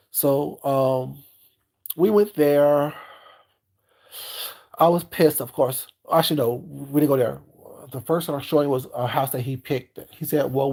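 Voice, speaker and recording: Animated man telling a story. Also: medium pitch. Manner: animated and expressive, acting out both sides of scenes; frank and salty, peppered with "you know what I'm saying". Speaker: food and lifestyle vlogger. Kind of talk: casual storytelling rant.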